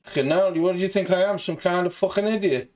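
A man's voice: high voice, fast, darkish tone. Brash sweary Scouse man. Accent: Liverpool (Scouse). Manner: brash, sweary, mock-tough. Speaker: scambaiter. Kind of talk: prank call.

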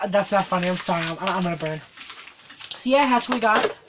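A teenage boy unboxes a collectible toy on his vlog, speaking quickly in a high voice over a noisy background. He swears constantly, ranting angrily in between mumbled hums.

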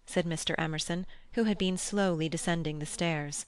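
A woman narrating a classic novel as an audiobook in an even, impassive reading. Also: low voice, normal speed, hardly any pauses, clean tone, no echo. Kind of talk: scripted narration.

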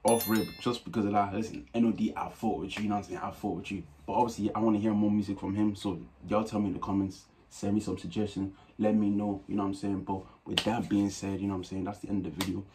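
Irish dude reacting to tracks, low mellow voice, talks quick and slangy, light hiss behind. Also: male voice, flat delivery. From Ireland. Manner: slangy, keeps saying "you know what I'm saying". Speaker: music reaction host. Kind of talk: casual reaction commentary.

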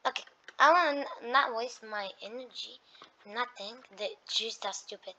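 A woman doing excitable let's-play gameplay commentary, talking to the enemies and breaking into sudden shrieks of alarm. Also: a little high, normal speed, a little hiss or hum. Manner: talks to enemies as she plays. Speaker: gaming YouTuber. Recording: dull lo-fi mic.

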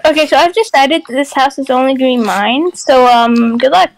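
A woman's voice: sits high, fairly quick, vocal fry, low-quality recording. A woman chatting and joking with friends in a group voice chat while playing a game, giggling often and squealing "ew". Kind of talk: casual gaming banter.

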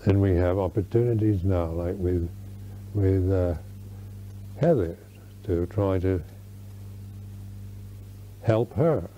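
An older American man, a Buddhist monk, giving a slow Dharma talk at a retreat, searching for words with many restarts. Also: deep voice, slight background noise. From United States. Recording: dull lo-fi 1991 recording.

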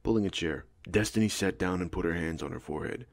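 Deep-voiced man narrating. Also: fast talker. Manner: steady storytelling. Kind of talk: scripted audiobook narration.

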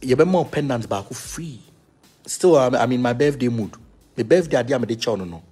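A man with a Ghanaian accent, the leader of a spiritual movement, chatting casually with viewers. He teases them in a lively way and switches between Twi and English. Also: mid-range voice, moderate pace, breathy edge, soft background music. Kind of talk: casual talk reacting to viewers.

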